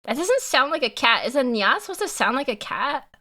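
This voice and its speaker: Giggly young woman streaming, lively and bright. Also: high voice, a little fast. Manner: giggly, animated, often laughing. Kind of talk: casual live-stream chat.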